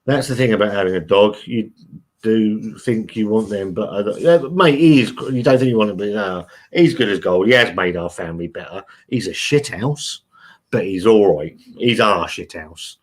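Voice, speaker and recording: A man's voice: fairly low pitch, moderate pace. Chatty man hosting a live stream. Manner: chatty, blunt and sweary, calls everyone mate. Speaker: live stream host reading chat. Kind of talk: casual live stream chat.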